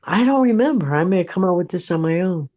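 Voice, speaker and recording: A woman's voice: on the low side, lively intonation, fast talker, darkish tone, lo-fi sound. A woman co-hosting a casual livestream, giving advice and telling stories in a chatty way. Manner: chatty storyteller, acts out friends' voices.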